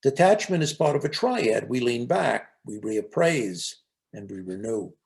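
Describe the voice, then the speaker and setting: An older man with a gravelly edge talks on spiritual life in an earnest storytelling way, his pitch rising and falling in a lively way. He often stumbles over a word as he starts a thought. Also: unhurried. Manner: earnest, storytelling, repeats words when starting. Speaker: speaker on resilience and spiritual life. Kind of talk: reflective talk with anecdotes.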